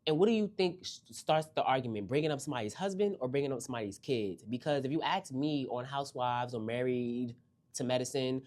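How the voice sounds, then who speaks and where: A young woman with a very low voice recaps a reality TV episode at a quick clip. Her delivery is sassy and animated, and she jumps high in pitch for emphasis. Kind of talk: casual recap commentary.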